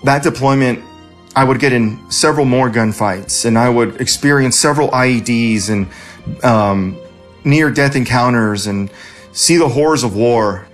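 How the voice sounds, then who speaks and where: A man's voice: medium pitch, normal speed, soft background music. A man from California, an Army veteran, telling his own war story in a conversational way, restarting phrases now and then. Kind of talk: personal storytelling.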